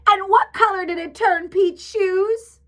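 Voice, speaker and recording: Bright, high-voiced woman reading to kids. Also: a little slow. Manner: animated, asks children questions. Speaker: teacher. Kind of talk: reading a picture book aloud to children.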